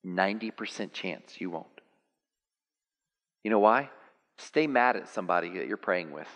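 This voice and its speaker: A man preaching a sermon, animated and building to high, excited peaks. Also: normal speed, vocal fry. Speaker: pastor. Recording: long hall reverb.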